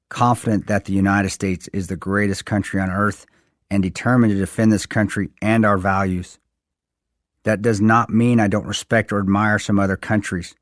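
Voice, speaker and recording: A man's voice: on the low side, no room sound, clean studio sound. A man reading aloud from his own memoir in an earnest, plain-spoken way. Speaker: author reading his book. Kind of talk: audiobook-style reading.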